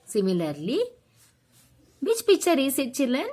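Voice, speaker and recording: A woman teaching a phonics lesson to young children, slowly sounding out letters and words one at a time. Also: high voice, huge pitch swings, mellow. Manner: slow, sounding out letters one by one, sing-song.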